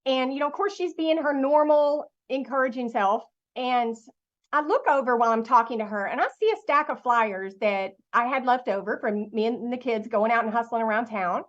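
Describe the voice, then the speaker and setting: A middle-aged woman giving a motivational talk to an online audience, telling a lively story and asking her listeners questions. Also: on the high side, normal speed, lo-fi sound. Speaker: guest speaker.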